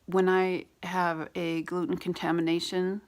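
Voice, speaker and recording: A woman beauty vlogger with a raspy voice, candidly telling a personal story in a rambling vlog with many fillers. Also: on the low side, level tone, a little slow.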